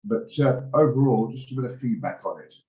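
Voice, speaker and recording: A man of middling pitch hosts a live trading session over a video call. He talks in a loose, joking way, full of ums and restarts. His voice bounces around an echoey room. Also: brisk, highs cut off. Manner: chatty, joking, with many fillers and restarts.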